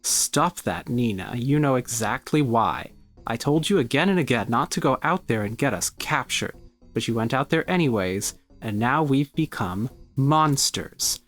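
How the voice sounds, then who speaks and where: A cold, menacing holy woman voiced by a man reading a game aloud. She scolds in a flat, repetitive way, her voice in the middle register. The read is plain and unhurried. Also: mid-range voice, soft background music. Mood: angry scolding. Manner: repeats the same scolding question flatly.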